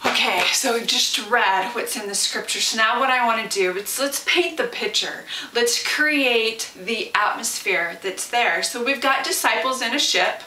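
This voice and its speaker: Woman, casual Bible lesson, chatty with rhetorical questions, high bright voice, roomy room, from a distance. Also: measured pace, hardly any pauses, slight background noise. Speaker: Bible teacher.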